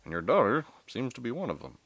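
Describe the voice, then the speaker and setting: Reassuring Southern-accented biologist, played by a man, soft-spoken and knowledgeable, pitched slightly up. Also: big pitch swings, fast, vocal fry, slightly rough, dry recording, exaggerated voice. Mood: assured.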